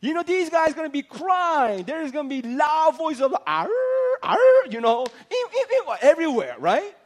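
Male pastor, lively comic sermon, high voice with big swoops, acts out the characters. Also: moderate pace. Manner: animated, acts out voices of biblical figures.

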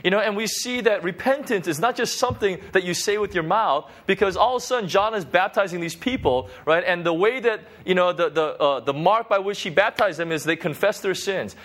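A man's voice: high voice, fairly quick, few pauses, fairly bright tone. A man giving an informal devotional teaching as a pastor, talking conversationally and checking in often with "you know" and "right?".

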